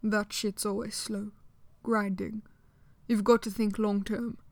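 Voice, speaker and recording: Gruff laconic man, flat terse delivery, read by a woman, dry sound. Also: mid-range voice, slow pace, no room sound. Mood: blunt.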